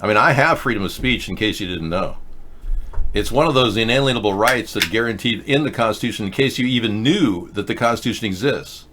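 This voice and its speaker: A man's voice: fairly low pitch, lively intonation, a little fast, a bit bright, a little hiss or hum. A man hosting a live-stream show, talking in a rambling, sarcastic way with frequent restarts. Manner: rambling, sarcastic, self-interrupting. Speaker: host. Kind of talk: casual live-stream commentary.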